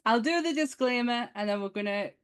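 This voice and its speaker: A chatty, giggly woman hosts a podcast, her voice bouncing up and down with lively, sing-song pitch. She talks in a relaxed, casual way and breaks into laughter often. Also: brisk, clear, resonant tone. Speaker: podcast host.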